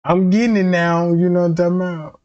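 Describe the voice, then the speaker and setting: A man's voice: sits high, fairly even intonation, fast talker, darkish tone, clean tone. A man in a casual comedic rant, profane and rambling, jumping into quoted voices, on a dull lo-fi recording.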